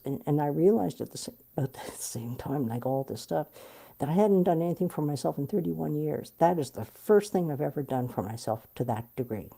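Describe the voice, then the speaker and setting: A middle-aged woman telling a personal story in an interview, animated and blunt, swearing freely. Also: low voice, creaky. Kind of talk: candid storytelling.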